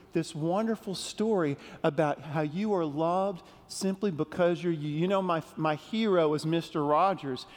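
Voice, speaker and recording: A man giving a playful children's sermon, telling a story gently and asking the kids questions. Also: fairly high pitch. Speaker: pastor leading a children's message. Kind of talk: children's sermon with call-and-response. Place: large church sanctuary. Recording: long reverb of a big sanctuary.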